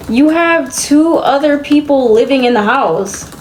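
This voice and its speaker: With a high, expressive voice at a measured pace, a young adult streamer vents to her chat, cursing in exasperation and shifting between loud disbelief and weary mumbling. A little hiss or hum can be heard.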